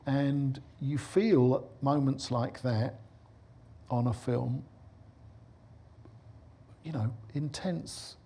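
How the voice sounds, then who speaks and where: Husky middle-aged guy lecturing, animated storyteller, does little voices for people. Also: mid-range voice. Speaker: film director giving a lecture. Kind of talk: lecture with lively anecdotes.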